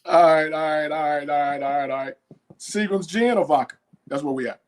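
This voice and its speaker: A man hosts a casual podcast chat with a relaxed manner and a voice pitched a bit above the usual. He fires off quick this-or-that questions and fills the gaps with easygoing affirmations. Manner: relaxed, quizzing, says okay a lot. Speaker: podcast host.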